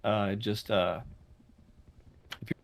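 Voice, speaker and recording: A man's voice: on the low side, level tone, takes it slowly, vocal fry. A man running an online game server meeting, firm and blunt and swearing when annoyed, speaking into a voice chat mic. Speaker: game server owner leading a staff meeting. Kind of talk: casual online meeting talk.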